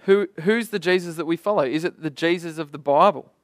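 Lively man preaching a sermon. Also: on the high side, a little fast, dry recording. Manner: lively, conversational preaching with vivid asides.

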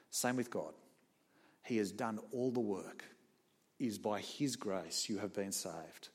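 A man preaching a sermon in a church, swinging between soft, low asides and loud, raised points.

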